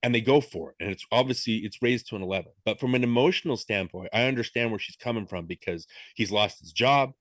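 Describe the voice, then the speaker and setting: A man's voice: fairly low pitch, fast talker, few pauses, a bit bright, no room sound. Middle-aged man, podcast co-host, casual film chat, self-deprecating, dry close sound. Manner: self-deprecating, thinks aloud with frequent "right?".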